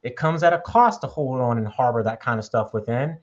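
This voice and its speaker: A man's voice: medium pitch, animated, fairly quick. Podcast host, male, emphatic, leans on "okay?", muffled recording. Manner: emphatic, repeats points with "okay?". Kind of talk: casual podcast conversation.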